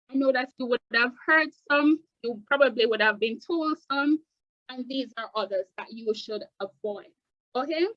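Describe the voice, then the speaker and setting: A Jamaican woman with a bright, forceful voice gives an emphatic talk on a show, stressing her points like a teacher. The sound is dry and somewhat dull, like a lo-fi online call. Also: a little high, no room sound. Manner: earnest, emphatic, lecturing. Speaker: guidance counsellor, guest presenter.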